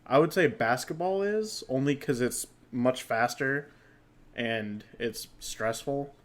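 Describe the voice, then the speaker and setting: An American man hosting a casual podcast chat, relaxed and chatty, laughing often. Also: medium pitch, slow. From United States. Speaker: podcast host.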